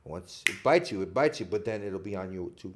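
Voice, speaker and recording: Animated man telling stories. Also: deep voice, fairly quick, noisy background. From Chicago. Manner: animated storytelling, acts out quotes, laughs often. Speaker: actor guest. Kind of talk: casual podcast interview.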